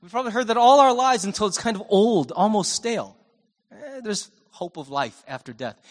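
A male pastor delivers a sermon in a conversational, animated way. His voice swings between loud and hushed, and it sits high for a man. A long reverb hangs in the large church hall. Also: normal speed.

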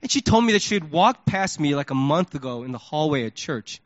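Pastor guy preaching, high voice, acts out his reactions, dull dry lo-fi sound. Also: fairly quick, dry recording. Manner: animated storytelling, acts out his own reactions. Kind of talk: sermon.

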